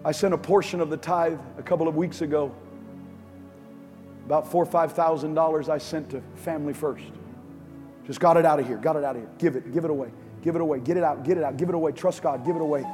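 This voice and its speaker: A man preaching a sermon as pastor, swinging between impassioned, near-shouted lines and low, quiet ones. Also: steady tone, quick pace. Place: large church auditorium. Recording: live church sound with long hall reverb. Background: music under the preaching.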